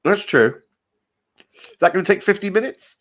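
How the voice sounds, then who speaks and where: A man hosts a comedy show in casual banter. He giggles often and jumps into silly voices. His pitch moves around a lot as he talks. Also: lively intonation, normal speed, fairly bright tone.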